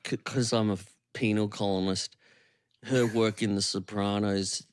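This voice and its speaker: A man co-hosting a podcast, asking curious questions in a halting, casual way. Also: lowish voice, steady tone, no echo. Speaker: podcast co-host. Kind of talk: casual chat.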